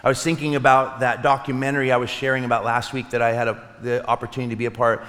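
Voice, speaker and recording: Male pastor, mid-pitched, earnest sermon delivery, long hall reverb. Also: flat delivery. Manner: earnest, with soft slowed pauses. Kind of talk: Easter sermon. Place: church sanctuary.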